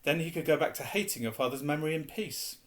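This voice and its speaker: A dreamy, playful old wizard headmaster with a lilting, lifted voice, as a man reads him aloud. He muses warmly and airily in a storybook telling. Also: on the high side, expressive, fast talker, close to an everyday voice.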